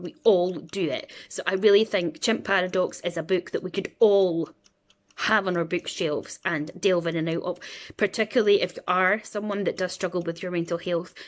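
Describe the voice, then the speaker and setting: A Scottish woman in her thirties talks in a loose, chatty way, wandering from one example to the next. Her voice sits a little low, and she slips into quick impressions of the people she mentions. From Scotland. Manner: chatty and rambling, acts out quoted voices. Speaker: vlogger. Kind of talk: casual chat.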